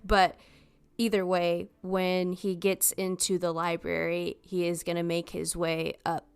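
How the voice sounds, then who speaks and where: A woman describes her character's moves in a tabletop game, speaking very slowly in a smooth, resonant, clear voice. Her pitch is a little low, and the sound is dry and close. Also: completely flat delivery, no echo. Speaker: player. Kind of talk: tabletop game play, casual.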